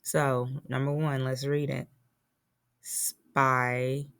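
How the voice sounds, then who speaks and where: A woman's voice: very deep voice, slow pace, noisy background. A woman teacher giving a phonics lesson to young children, patiently spelling and sounding out words.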